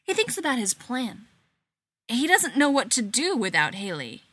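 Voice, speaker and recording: A woman narrating a short story in an unhurried, expressive way. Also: a little high, no room sound.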